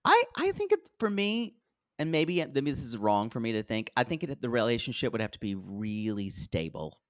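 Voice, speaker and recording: A man's voice: medium pitch, huge pitch swings, moderate pace, no echo, clean studio sound. Blunt, laughing man co-hosting a podcast. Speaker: podcast co-host. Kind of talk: casual podcast chat.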